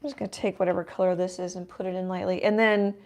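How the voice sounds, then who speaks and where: A middle-aged woman hosting a live painting stream, thinking aloud as she works and often dropping to a soft murmur. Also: lowish voice, little pitch movement, fast talker. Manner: self-deprecating, thinking aloud while working, drops to soft murmurs. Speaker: painting livestream host. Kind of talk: casual live painting chat.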